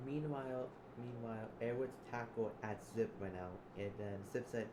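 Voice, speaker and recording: A man improvising role-play narration, halting and repeating his words as he goes. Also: medium pitch, fairly even intonation, mellow. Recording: roomy, noisy background.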